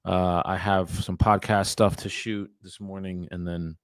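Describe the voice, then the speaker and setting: This man's voice sits low, moving little in pitch, and he speaks at a measured pace. He's a real estate agent casually chatting with livestream viewers from his home studio between cold calls, rambling as he goes. The recording is clean, studio-grade, with no room sound.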